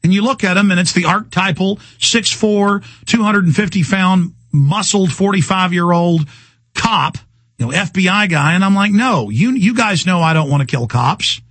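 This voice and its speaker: Husky, ranting male radio host. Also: high voice, moderate pace, a bit bright, dry recording. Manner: ranting, agitated, stumbling repetitions. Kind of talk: talk radio monologue.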